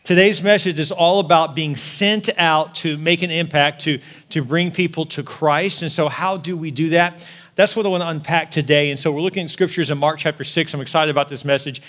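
A male pastor in his forties preaches at a quick clip in a high voice. He tells personal stories, jokes with the congregation and builds up to loud, animated peaks. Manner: animated, rising to shouting at peaks.

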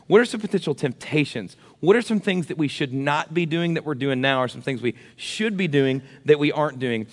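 A man in his thirties, a pastor, giving a sermon with animated, self-deprecating stories. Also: fairly high pitch, a little fast, in a large hall. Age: 30s.

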